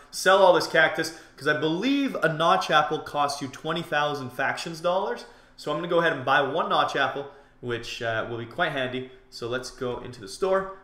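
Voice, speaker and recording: An excitable man commentating live over his own gameplay, his voice bright and forward, recorded in an echoey room. He jokes his way through menus in a low mutter and bursts out loud when a fight turns his way. Keyboard clatter sits behind him. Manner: excitable, jokey, swings from muttering to shouting in fights. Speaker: gaming commentator.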